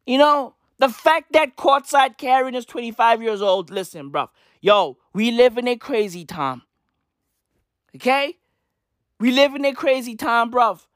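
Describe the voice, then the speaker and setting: A woman's voice: fairly high pitch, expressive, measured pace, dry recording, studio quality. A woman ranting in casual commentary, swearing freely and leaning on slang fillers. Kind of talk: profane slangy commentary rant.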